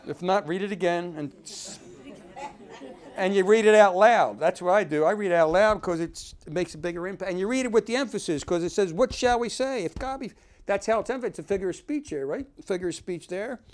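A man's voice: high-pitched, fairly quick. A man giving informal Bible teaching, talking conversationally and reading verses aloud with emphasis. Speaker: preacher.

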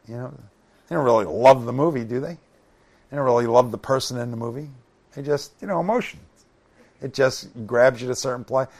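Male preacher, gravelly, reads scripture then adds folksy asides. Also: medium pitch. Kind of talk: Bible study sermon.

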